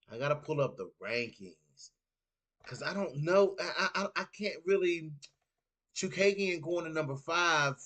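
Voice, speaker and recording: A man's voice: on the high side, fairly bright tone. A man hosting a casual fight recap livestream, talking loosely with a groggy morning voice and lots of "you know what I'm saying" filler. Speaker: livestream host.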